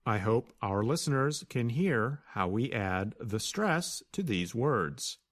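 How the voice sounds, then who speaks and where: A man co-hosting an English lesson, explaining grammar clearly and deliberately and spelling words out. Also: mid-range voice, big pitch swings. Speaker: co-host and English teacher. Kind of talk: scripted teaching dialogue.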